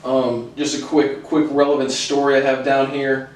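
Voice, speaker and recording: A man's voice: mid-range voice, level tone, moderate pace. A man hosting a lecture series, talking in a casual, rambling way with many fillers and frequent chuckles. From United States. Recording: very echoey room, far from mic.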